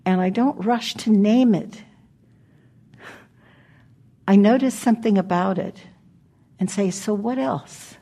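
An older woman with a medium-pitched voice gives a gentle, reflective dharma talk as a meditation teacher in a meditation hall. She pauses often and laughs softly.

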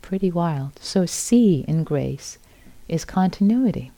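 A middle-aged woman giving a gentle, repetitive dharma talk as a meditation teacher at a retreat center. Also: lowish voice, lively intonation, slow pace, dry recording.

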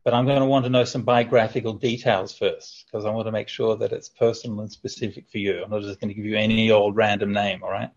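Husky-voiced monk teaching over a call. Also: male voice, lowish voice, fast, hardly any pauses. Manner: relaxed, chatty, with fillers and light humor. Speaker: Buddhist monk teaching a sutta class. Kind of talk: online teaching Q&A. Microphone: video call. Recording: dull lo-fi video call audio.

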